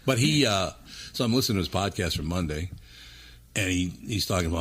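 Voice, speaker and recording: A man's voice: low-pitched, animated, fairly quick, a bit bright, breathy edge. A man hosting a podcast in casual chat, swearing freely and teasing his guest. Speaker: podcast host.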